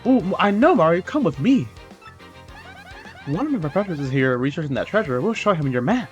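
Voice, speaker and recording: A man's voice: a little high, very animated, brisk, lo-fi sound, soft background music. A man voicing a bubbly young female goomba student with chirpy, gushing chatter. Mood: eager.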